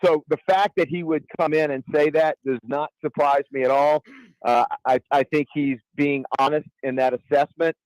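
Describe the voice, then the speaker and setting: A man's voice: fairly high pitch, fairly even intonation, normal speed, a little mellow, dry recording, poor audio. A man co-hosting sports radio in casual talk, often stumbling over restarts and cracking fan jokes. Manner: stammering restarts, joking fan banter.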